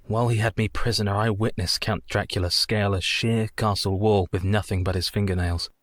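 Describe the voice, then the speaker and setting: A man's voice: lowish voice, steady tone, a little fast, dry recording, studio quality, close to an everyday voice. An actor playing a frightened, wounded young Englishman in a radio play, urgent and shaken.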